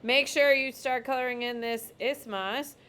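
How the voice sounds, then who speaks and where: A woman's voice: high voice, steady tone, measured pace, bright, forceful tone, smooth. A woman teacher giving a casual, emphatic classroom lecture while drawing on a map.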